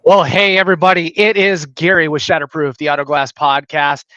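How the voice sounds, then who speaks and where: A man's voice: fairly high pitch, steady tone, brisk, muffled recording, background noise. A man hosting a podcast in a loose, jokey, casual chat, often restarting his sentences. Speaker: podcast host.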